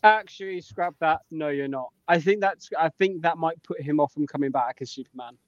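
A British man on a casual podcast, speaking in a somewhat high voice with plenty of hesitant repeats. His audio sounds slightly muffled and lo-fi, yet dry with no room around it. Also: fairly quick, no room sound. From Britain. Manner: hesitant, uses fillers, repeats himself. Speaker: podcast co-host. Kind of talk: casual chat.

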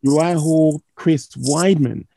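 A man co-hosting a casual fight-talk chat, measured and wry, asking questions. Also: a little high, vocal fry, mellow, no room sound. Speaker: podcast co-host.

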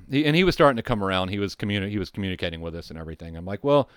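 Low, smooth-voiced firefighter spinning a yarn. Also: male voice, very fast, few pauses, a bit bright, no echo, clean studio sound. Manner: rambling, profane, with restarts and asides. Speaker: firefighter telling a call story. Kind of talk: casual storytelling.

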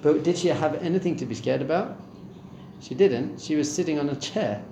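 A man's voice: a little high, normal speed, vocal fry, warm tone, reverberant, slight background noise. A middle-aged man giving a spiritual talk on meditation, conversational and questioning his listeners. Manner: conversational, asks the audience questions. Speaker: spiritual teacher. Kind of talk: Torah class on meditation. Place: room with a live audience.

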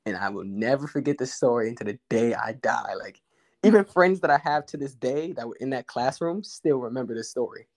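A man's voice: mid-range voice, a little fast. Laid-back man telling a story. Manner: relaxed, candid, uses street slang and profanity. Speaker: guest poet. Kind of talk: casual conversational storytelling.

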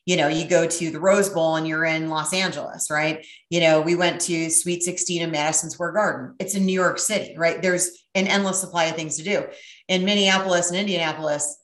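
A middle-aged woman telling a brash, profane, animated story in casual chat. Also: on the low side, a little fast, roomy sound.

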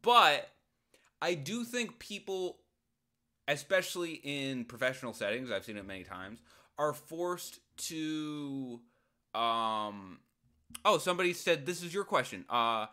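A man hosting a solo advice podcast, answering a listener's question in a jokey, rambling way with sudden loud outbursts. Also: a little high, animated, slow.

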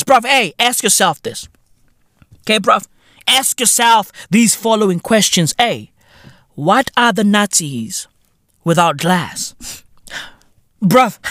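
Podcast host, male, comedic solo rant: slow, bright, sharp delivery with wildly swinging pitch, frequent shouting, dry close sound. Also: no room sound. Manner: profane slang-heavy ranting, bursts into shouting.

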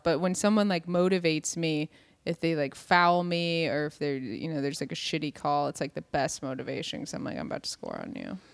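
Blunt woman with a lowish voice. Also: smooth, no echo. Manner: blunt, swearing, laughs easily. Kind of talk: casual chat.

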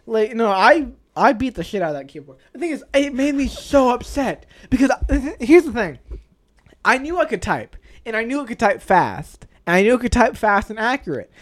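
An animated young man chatting casually with a friend, telling school stories in a rush of restarts and the odd swear word. He talks loosely and keeps circling back to his point. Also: very high-pitched, normal speed. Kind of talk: casual chat.

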